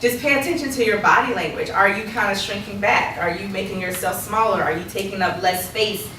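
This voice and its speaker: A woman coaching a workshop audience on public speaking, lively and laughing often as she acts out quotes. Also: mid-range voice, fairly quick, distant mic, a little hiss or hum. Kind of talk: workshop presentation. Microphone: distant room mic. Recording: echoey room recorded from afar.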